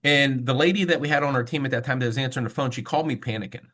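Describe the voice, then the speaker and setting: A man presenting mortgage tools on a webinar, talking casually and telling stories as he goes. He speaks at a middle pitch, and the sound comes through a video call. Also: very fast, a bit bright. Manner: casual storytelling, conversational fillers. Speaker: mortgage loan officer.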